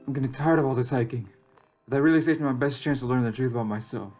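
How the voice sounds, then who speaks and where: A man's voice: medium pitch, quick pace, darkish tone, close to an everyday voice. A man reading aloud as a lost, anxious young survivor in a text game, reflective and wry, with faint game music behind. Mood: wary. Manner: reflective, rises sharply when alarmed.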